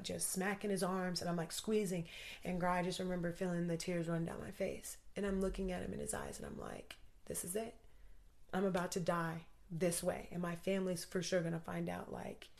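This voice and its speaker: Woman with a lowish voice telling an intense personal story, urgent, lots of "like"s. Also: vocal fry, a little mellow. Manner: urgent, vivid retelling with many fillers. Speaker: guest recounting a personal story.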